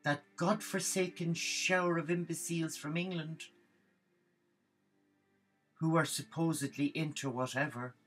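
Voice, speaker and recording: A man's voice: fairly high pitch, fairly even intonation, unhurried, long pauses, husky, voice pushed up. A man doing a blustering, hot-tempered priest. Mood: outraged. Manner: loud, indignant, blustering.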